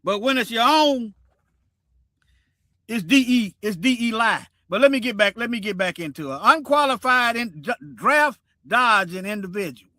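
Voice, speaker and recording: Brief: male stream host, preachy and repetitive, sharp high voice. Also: normal speed, pauses often, no room sound, studio quality. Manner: preachy, repeats himself, animated. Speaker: livestream host. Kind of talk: casual commentary livestream.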